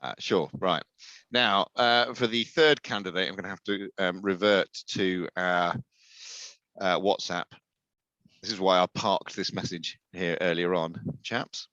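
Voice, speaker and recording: Deep and sharp in tone, the man speaks a little slowly with fairly even intonation and no room sound. As a podcast co-host in casual conversation, he's dry and sardonic, chuckling over the tweets he reads, all captured in a dull, muffled, dry recording.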